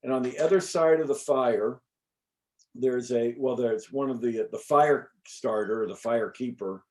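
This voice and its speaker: A middle-aged man, an interview guest, telling a personal story in a casual, animated way with many fillers and the odd swear word. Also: mid-range voice, measured pace. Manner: animated, chatty, frequent fillers and restarts. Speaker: interview guest recounting an experience.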